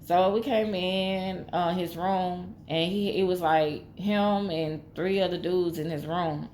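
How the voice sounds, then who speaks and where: A woman's voice: lowish voice, fairly even intonation, slow, a little mellow, a little hiss or hum. A woman telling a personal story in casual talk, rambling and repeating herself as she acts out what everyone said. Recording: echoey room with faint ambience.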